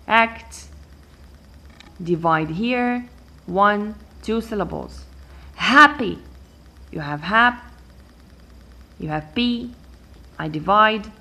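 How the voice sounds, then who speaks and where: A woman gives an English lesson in a patient, repetitive way. Her pitch sits in a middle range, and she says each example word several times. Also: fairly bright tone. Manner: patient and repetitive, switching between English, Arabic and French. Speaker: English teacher. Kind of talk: language lesson explaining word stress.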